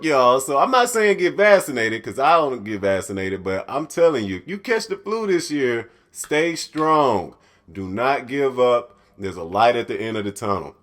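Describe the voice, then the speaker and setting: A man's voice: medium pitch, a bit bright. A man hosting his own podcast, telling a story in a casual, profane, laughing way. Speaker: podcast host.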